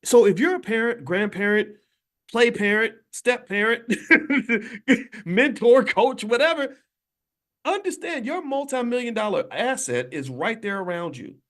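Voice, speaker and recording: His voice is very high, expressive, and fairly bright, and he takes his time. The man, a financial commentator who hosts a channel, is livestreaming on his phone from a hotel room, lecturing his viewers directly with emphatic, preachy delivery.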